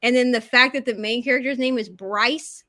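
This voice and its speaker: A woman's voice: on the high side, normal speed, pushed and bright. A woman chatting casually with friends on a video call, telling stories and acting out her own reactions. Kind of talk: casual group video chat.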